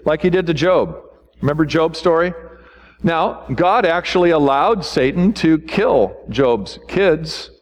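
A man preaching in a church, his fairly high voice carrying a long reverb off the sanctuary walls. He talks in a conversational way and asks the congregation questions. For emphasis he sinks low and quiet. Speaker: pastor. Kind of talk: sermon.

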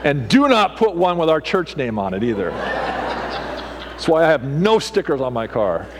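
A middle-aged man preaching a sermon as pastor, animated and theatrical, acting out people's voices to make his points. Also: a little slow, long reverb tail, background noise. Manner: animated, mimics people with raised pitch and punchy delivery.

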